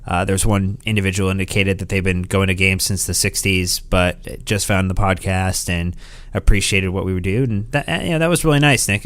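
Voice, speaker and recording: A man's voice: deep voice, fairly bright tone, dry recording. A man co-hosting a football podcast, chatting in a friendly, playful way. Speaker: podcast co-host. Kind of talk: casual podcast chat.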